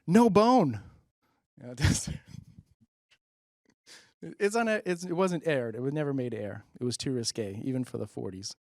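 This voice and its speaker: A man's voice: mid-range voice, fast talker, few pauses, no room sound, clean studio sound. A middle-aged man hosting a stand-up comedy monologue, rambling with self-deprecating, muttered asides. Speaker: comedian host.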